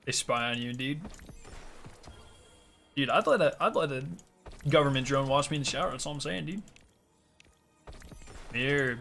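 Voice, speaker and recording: Casual live-stream chat from a young gamer whose voice is fairly high and a bit bright; he banters with viewers, swears, and laughs often.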